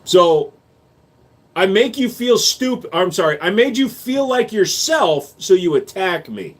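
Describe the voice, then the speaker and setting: A man on a casual livestream who reads viewer questions aloud and answers them quickly. He is blunt and profane, and he turns loud and sarcastic when he argues. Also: high-pitched, very animated. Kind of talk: casual live-stream chat.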